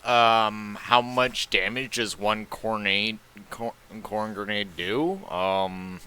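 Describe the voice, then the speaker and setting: A man's voice: lowish voice, takes it slowly, pushed and bright, clear, resonant tone. A man chatting casually as a live streamer, jokey and rambling, often breaking into laughter.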